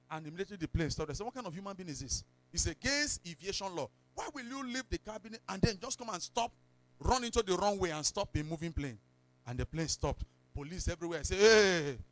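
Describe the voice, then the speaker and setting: A Nigerian-accented pastor's high voice carries his church sermon, with storytelling, stretches of pidgin, and abrupt shouting. The recording has no echo.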